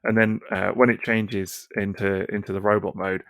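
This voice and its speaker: A man co-hosts a casual podcast, talking with eager enthusiasm. His voice sits low with a gravelly edge. The recording is dry and close. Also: level tone, moderate pace, a bit bright, dry recording. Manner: enthusiastic, reads out quotes in a mock announcer voice. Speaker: podcast co-host. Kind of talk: casual chat.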